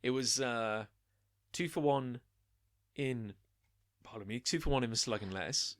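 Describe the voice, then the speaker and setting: A man's voice: medium pitch, a little slow, a bit bright, no room sound, clean studio sound. A young man co-hosting a podcast, rambling through drinking anecdotes and acting out quotes with a laugh. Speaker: podcast co-host. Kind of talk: casual chat.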